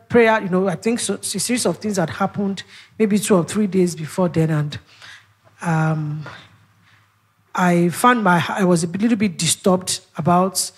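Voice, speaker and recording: Husky-voiced woman sharing a testimony. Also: fairly low pitch. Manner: halting, reflective, many restarts and fillers; drops to a soft, hushed tone when describing prayer. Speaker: church teacher. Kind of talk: personal testimony in a teaching session.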